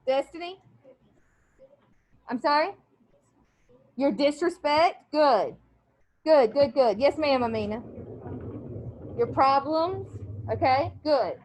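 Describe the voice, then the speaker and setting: Woman, teacher, classroom read-aloud, high-pitched, very lively intonation, asks the class questions. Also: slow, long pauses, a little hiss or hum. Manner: animated, quizzing students between passages.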